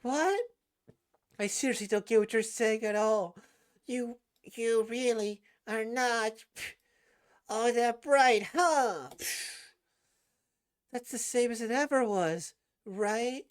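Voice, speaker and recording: A woman's voice: a little high, slow, pauses often, clean tone. A woman voicing a hot-headed teenage girl judoka who is brash and demanding while reading a comic aloud. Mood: mocking.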